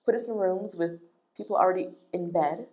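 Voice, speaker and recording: A woman's voice: lowish voice, moderate pace, dark tone, muffled recording. A woman running a travel business, ranting in a vlog with an indignant, emphatic manner and lots of repetition.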